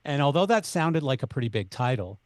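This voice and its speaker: Middle-aged Canadian man, animated podcast storyteller, dry close mic. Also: mid-range voice, a little fast, dry recording. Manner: animated, acts out both sides of dialogue. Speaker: podcast guest. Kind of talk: conversational storytelling.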